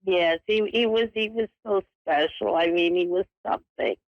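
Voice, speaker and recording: A grieving woman calling in, speaking softly and tearfully about a hard day. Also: mid-range voice, normal speed, no echo. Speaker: caller. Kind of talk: emotional phone-in call. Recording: dull lo-fi call audio.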